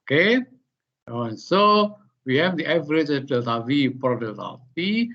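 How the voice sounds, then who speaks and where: Slow, halting Indonesian-accented male lecturer. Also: on the high side, very animated, creaky. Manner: halting, many repeated words and fillers. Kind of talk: online lecture. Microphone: computer mic on a video call. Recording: muffled meeting-call audio.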